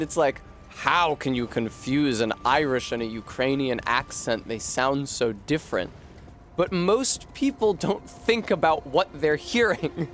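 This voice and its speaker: A man streaming a video game, chatting casually with viewers in a rambling, profane way. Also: on the high side. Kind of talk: casual chat while gaming.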